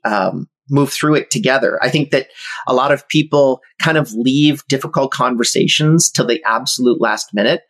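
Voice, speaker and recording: A man who is an entrepreneur and podcast guest, explaining his views in a measured way. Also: medium pitch. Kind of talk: casual interview chat.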